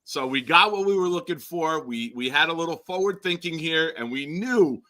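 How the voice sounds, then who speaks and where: A man calls in with a bright, slightly high voice and speaks in a wry, mock-official way, joking as he goes. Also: expressive, moderate pace. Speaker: caller. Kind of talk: joking call-in commentary.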